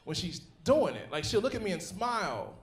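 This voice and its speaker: Animated, profane male stand-up comic. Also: high-pitched, moderate pace. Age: 30s. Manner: profane, animated storytelling with laughs. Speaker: stand-up comedian. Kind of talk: stand-up comedy set. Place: comedy club theater stage. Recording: roomy live club sound.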